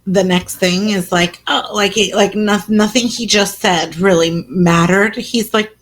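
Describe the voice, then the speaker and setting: A woman's voice: medium pitch, fairly even intonation, unhurried, slight background noise, low-quality recording. A woman co-hosting a podcast, chatting casually with amused reactions. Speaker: podcast co-host. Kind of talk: casual chat.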